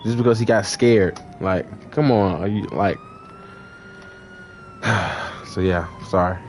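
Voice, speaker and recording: Taking it slowly, a young man winds through a long story in casual chat, heavy on fillers and acting out others in high voices. A little hiss or hum sits under the recording.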